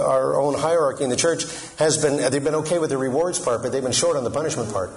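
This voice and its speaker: A middle-aged man gives a humorous Catholic talk in a conversational tone. His voice sits in an ordinary middle register, and he jokes and throws questions out to the listeners. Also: mid-range voice. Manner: joking, conversational, asks the audience questions. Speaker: Catholic speaker.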